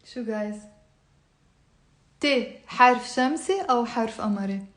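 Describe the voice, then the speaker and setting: Lebanese woman, high-pitched, lively language teacher drilling pronunciation live; very reverberant room. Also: fast. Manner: drills words aloud, quizzes the chat, mixes English and Arabic. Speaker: Arabic teacher. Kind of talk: live online language lesson. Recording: very echoey room.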